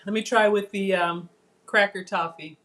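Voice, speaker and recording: A woman's voice: medium pitch, fairly even intonation, moderate pace, fairly bright tone. Chatty woman cooking live. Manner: chatty, addresses viewers as y'all, savoring food. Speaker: cooking vlogger. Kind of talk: casual live cooking chat.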